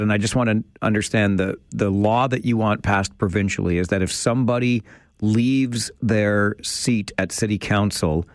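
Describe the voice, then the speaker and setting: A man's voice: on the low side, no room sound, clean studio sound. A man hosting a call-in radio talk show, ranting with rising passion and frustration. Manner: passionate, increasingly heated rant. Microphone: studio microphone.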